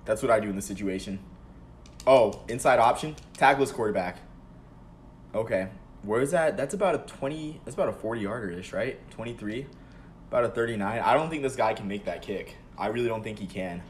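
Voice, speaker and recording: A young man streaming a football video game live, calmly calling plays between excited outbursts. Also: fairly low pitch, a little fast, a little hiss or hum. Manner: excitable, swings between calm play-calling and loud outbursts. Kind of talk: live gameplay commentary.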